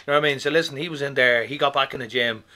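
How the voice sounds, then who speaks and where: A man co-hosting a podcast in casual chat, animated and swearing, often asking "you know what I mean". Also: medium pitch, very fast. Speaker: podcast co-host.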